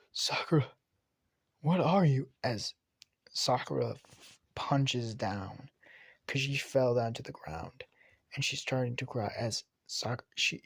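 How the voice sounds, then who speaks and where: A man casually retelling an anime fan story, rambling and excitable, swearing and restarting often. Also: medium pitch, vocal fry, husky, no room sound, clean studio sound.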